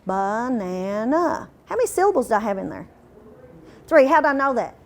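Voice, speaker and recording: Woman, workshop trainer with a slightly high voice, hands-on and interactive, drags demo words out slow. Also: big pitch swings, gravelly. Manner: interactive, quizzes the room and stretches demo words out slowly.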